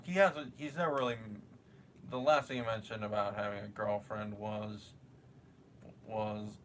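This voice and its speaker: A man's voice: on the low side, fairly bright tone, a little hiss or hum. A man hosting a live show, chatting casually and hesitantly, trailing off and restarting his sentences. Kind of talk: casual rambling commentary.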